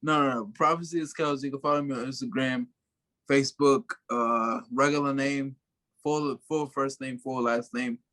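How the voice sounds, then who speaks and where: A laid-back man co-hosts a podcast with a mid-pitched voice. He chats casually and laughs along. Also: steady tone, normal speed, a bit bright. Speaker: podcast co-host. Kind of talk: casual chat.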